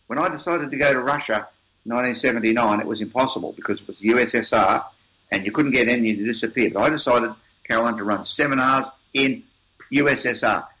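A man's voice: mid-range voice, quick pace, pushed and bright, rough recording. An older man, a seminar presenter, talking as an interview guest and telling stories with emphatic, repeated points. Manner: emphatic, repeats words while building a point. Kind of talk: storytelling conversation.

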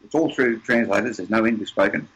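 An older man with a lowish, slightly bright voice speaks fast, heard through poor audio. A seminar presenter appearing as an interview guest, he tells stories emphatically in conversation, repeating words as he builds a point.

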